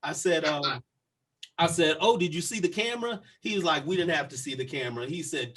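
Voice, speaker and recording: Husky profane man telling a story. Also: on the high side, brisk, few pauses. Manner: profane, animated storyteller acting out dialogue. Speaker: podcast co-host. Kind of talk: casual storytelling chat.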